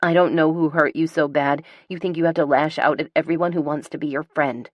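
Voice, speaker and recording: A bright, insistent young woman who will not take no for an answer, as a female audiobook narrator puts her on. The voice sits a little higher and livelier than the reader's own dark tone, and it comes across close and dry. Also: steady tone, fairly quick, dry recording, dull audio. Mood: defiant. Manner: bright and insistent, talking over objections. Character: bubbly, pushy young woman, stubbornly determined.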